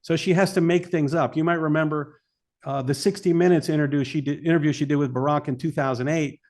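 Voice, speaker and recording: Man with a slightly high voice, filmmaker guest making his point hard. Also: fairly even intonation, fast, a little mellow. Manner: emphatic, argumentative. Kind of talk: interview talk.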